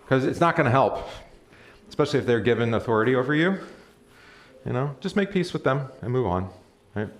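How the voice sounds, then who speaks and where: A man with a medium-pitched, lively voice moves at a fairly quick clip as he teaches a casual Bible study as pastor. He talks with the room, asks questions, reads passages out loud and chuckles. A live stream mic picks him up in a church or classroom.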